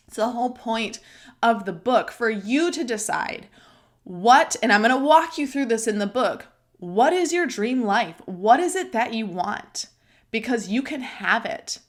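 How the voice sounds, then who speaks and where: A young woman hosting a podcast speaks in a mid-range voice with a fairly bright tone. Her monologue is candid and personal, delivered close to the mic, chatty and filler-laden, as she openly gets emotional and tearful.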